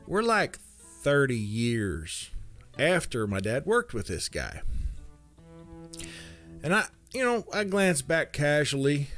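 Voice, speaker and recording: A man telling a funny family story in a casual, animated way, jumping in pitch as he acts out what people said. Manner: animated, acts out quotes with big pitch jumps. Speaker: storyteller comedian. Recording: faint guitar music behind.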